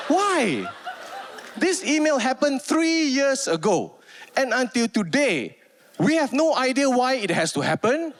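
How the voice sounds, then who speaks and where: Animated Malaysian comedian with a lively, high voice. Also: male voice, slight background noise. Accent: Malaysian English. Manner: animated, mimics voices, sings snatches of rhymes. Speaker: stand-up comedian. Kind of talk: stand-up comedy set. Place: on stage before a live audience.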